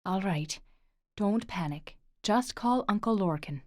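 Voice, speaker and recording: A woman's voice: medium pitch, expressive, measured pace, no echo, studio quality, natural voice. A woman reading the part of a blunt, irritable father in an audiobook, curt and exasperated. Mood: reassuring.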